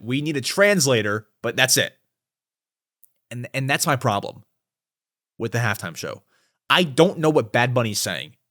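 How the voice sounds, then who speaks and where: A young man hosting a podcast in casual chat, animated, swinging between loud outbursts and low mutters. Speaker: podcast host.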